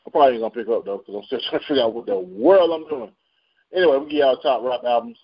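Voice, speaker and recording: A man's voice: medium pitch, fast talker. A man hosting a casual radio-style chart rundown, joking and slangy with frequent laughs. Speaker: radio show host. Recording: dull lo-fi sound.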